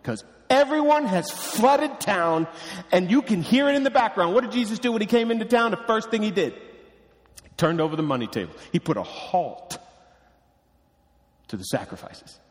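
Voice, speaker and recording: A man preaching a sermon as pastor, animated and acting out the people he quotes. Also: high voice, moderate pace, big-room sound. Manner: animated, acts out quoted voices.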